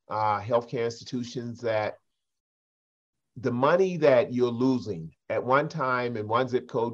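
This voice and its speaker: A man's voice: mid-range voice, muffled recording. Folksy older Geechee-accented man. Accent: South Carolina Geechee. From South Carolina. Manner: folksy, animated storyteller who addresses others by name. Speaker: pastor and community advocate. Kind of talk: panel discussion.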